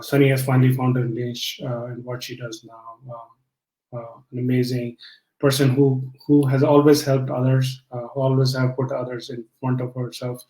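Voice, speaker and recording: On a casual live stream, a man is interviewed by his wife, who is the host, and he jokes at first before speaking earnestly, using many fillers. His mid-range voice is a little mellow, but the audio is poor and the room echoey.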